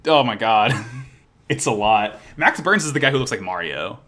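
Excited, lively man recapping an episode. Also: mid-range voice. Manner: excited, swears a lot, quick restarts. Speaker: podcast host. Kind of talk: casual chat and episode recap.

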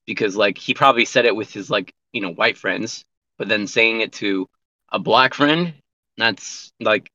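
Casual podcast talker: a man with a forceful, bright voice, candid and profane, on a dull, dry recording. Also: on the low side, normal speed, no room sound. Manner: candid, profane, rambling with many restarts. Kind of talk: casual chat.

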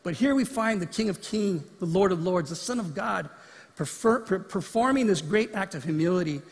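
A male pastor preaching a sermon in a church, lively and acting out the lines he quotes. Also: high voice, moderate pace, big-room sound. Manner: animated, acts out quoted lines. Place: church sanctuary.

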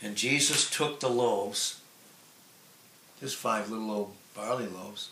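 Slow, earnest male preacher in echoey room. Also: on the low side. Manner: slow, earnest, drawn-out emphasis with soft trailing phrase endings. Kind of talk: sermon. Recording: echoey room with faint ambient noise.

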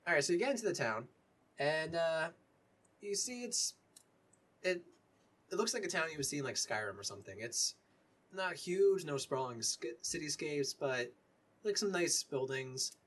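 Man, game master, casual halting narration, husky, breathy. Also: fairly high pitch, animated, fairly bright tone. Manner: casual, halting, many fillers.

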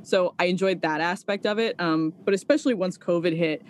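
Animated woman telling stories. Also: lowish voice, a little fast, a little hiss or hum. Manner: animated storyteller, acts out quotes. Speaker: podcast guest, server. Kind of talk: casual interview chat.

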